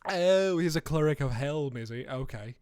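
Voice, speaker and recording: Host, male, young adult: casual live gameplay commentary, chatty, frequent laughter, slightly raised pitch. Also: lively intonation, moderate pace, a little mellow. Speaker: streamer host.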